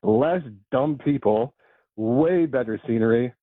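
A man's voice: mid-range voice, slow, no room sound. Enthusiastic male caller over phone. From San Francisco Bay Area. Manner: enthusiastic, gushing. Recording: tinny phone line.

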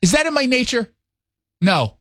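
Sarcastic male host from New York, animated, exasperated rant, dry close sound. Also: very high-pitched, normal speed, dry recording. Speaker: radio and TV host. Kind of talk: casual on-air chat.

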